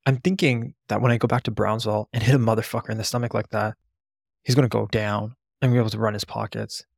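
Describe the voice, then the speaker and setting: A man reads a first-person memoir aloud, blunt and unafraid of profanity. His voice has a gravelly, husky edge. The recording is dry and close, with no room sound. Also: fairly low pitch, little pitch movement, fast talker, no room sound. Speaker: narrator.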